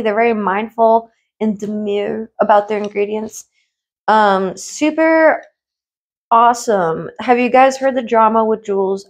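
A woman in a casual mukbang chat, eating and rambling in a hushed tone, full of fillers and the odd swear. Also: on the high side. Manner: speaks in a hushed tone while eating. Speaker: food vlogger and streamer.

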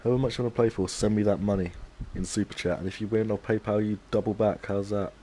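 A man's voice: lowish voice, fairly even intonation, quick pace, mellow, a little hiss or hum. A young man streaming a fighting game, trash talking his viewers and daring them to wager. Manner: cocky trash talk to chat. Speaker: gaming streamer. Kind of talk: live game stream commentary.

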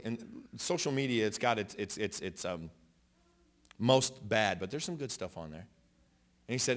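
Preaching in a church auditorium at medium pitch and a moderate pace, this pastor is impassioned. Loud proclamations give way to hushed stories, and he frequently starts over and repeats himself.

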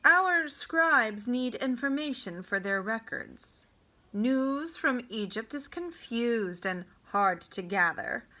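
A woman voicing a shrewd, indifferent middle-aged male king in a storybook reading, in a flat, quietly probing manner. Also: on the high side, takes it slowly, full character voice. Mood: cool.

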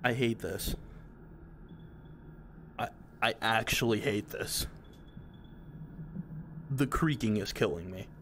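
A man's voice: fairly low pitch, slow pace, long pauses, noisy background. A young man giving nervous, jumpy commentary while playing a horror game, swearing and pleading with what he sees. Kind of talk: nervous let's-play commentary.

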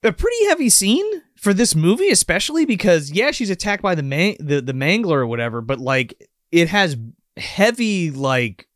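Animated profane man recapping a movie. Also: high voice, normal speed, no room sound, studio quality. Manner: profane, rambling, animated retelling. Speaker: movie podcast co-host. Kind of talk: casual chat.

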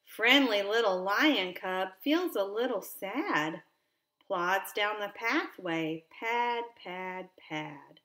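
Woman, reading a picture book aloud, very slow, expressive, asks a child questions, roomy echo. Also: mid-range voice.

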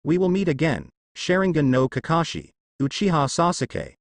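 A man's voice: fairly high pitch, big pitch swings, normal speed, no room sound, voice pushed up. A man voicing a mysterious cloaked male ninja who speaks in a lazy, amused drawl, read aloud from a fan story. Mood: cold, taunting.

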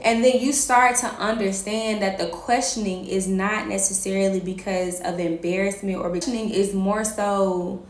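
A woman talking casually about faith as host, animated and slangy, laughing often. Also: medium pitch, normal speed, hardly any pauses, roomy sound, slight background noise. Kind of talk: casual faith talk to camera.

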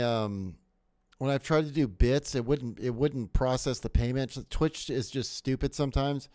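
A man's voice: medium pitch, measured pace, darkish tone, no echo, clean studio sound. A man streaming a horror game, chatting casually to viewers, jokey and swearing as he plays. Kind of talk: casual live game commentary.

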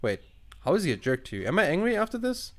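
A man's voice: high-pitched, wildly swooping pitch, quick pace. A man giving casual commentary while playing a game at home, reading choices aloud, musing over them and swearing often. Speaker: let's player.

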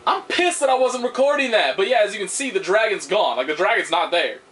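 A man's voice: sits high, animated, fast talker, a bit bright. A young man giving casual gameplay commentary, frustrated and swearing as he rambles. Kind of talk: casual let's-play commentary.

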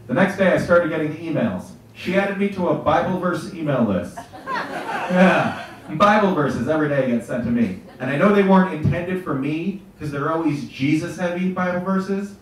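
A man's voice: a little high, animated, moderate pace, slight background noise. A middle-aged man doing stand-up comedy, telling stories in a punchy, profane way. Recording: echoey room, mic from far off.

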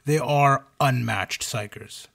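A man co-hosting a podcast in an easy conversational tone. His voice sits at a middle pitch, and he tells his stories with lively bursts of energy when he reaches the punchlines. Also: takes it slowly, vocal fry, slightly rough. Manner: storytelling, animated bursts for punchlines. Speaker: podcast co-host. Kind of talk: casual podcast chat.

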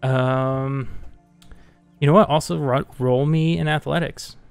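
Slow-talking young man running a tabletop game. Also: medium pitch, fairly even intonation, creaky, clean tone, dry recording, faint music behind. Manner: hesitant, filler-heavy narration. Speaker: dungeon master.

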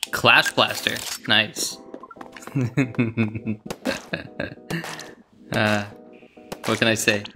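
A gaming video creator commentating their own play, reacting with yelps, groans and quick outbursts. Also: medium pitch. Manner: excitable, yelps and groans at game events. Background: game music.

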